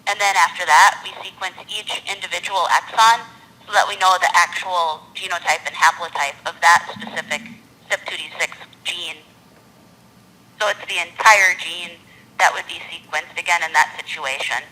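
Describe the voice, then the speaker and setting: A woman calls in by phone from her office and walks through technical methods with care. Her voice is very bright and sharp. She lays things out in order, one step at a time. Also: fairly low pitch, fairly even intonation, moderate pace, poor audio. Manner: careful, step-by-step explaining. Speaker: expert presenter on a phone line. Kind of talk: technical explanation. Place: office with door, remote caller. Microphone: telephone line.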